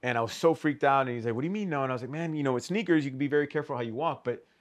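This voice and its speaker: A man, a podcast guest, telling a story in an animated, casual way, swearing freely and acting out the lines of the people in it. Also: medium pitch, racing. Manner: animated, swears, acts out quoted dialogue. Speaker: podcast guest, custom shoe artist.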